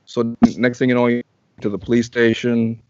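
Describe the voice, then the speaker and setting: A man's voice: medium pitch, little pitch movement, normal speed, darkish tone, muffled recording, a little hiss or hum. A man from Canada, a guest in an interview, tells a long personal story in casual talk, repeating and restarting phrases as he goes.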